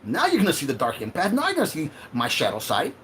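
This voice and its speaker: Male livestream host, heated and swearing, slightly high voice that swings widely in pitch. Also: wildly swooping pitch, fast talker, fairly bright tone, a little hiss or hum. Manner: emotional, profane, confrontational.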